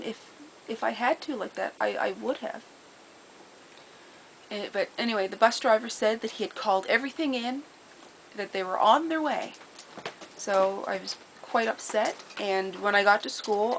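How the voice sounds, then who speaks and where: A woman telling a personal story in a casual, earnest way, detailed and steady, with small repeated restarts. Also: medium pitch, gravelly, slight background noise, rough recording. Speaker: storyteller sharing a personal memory.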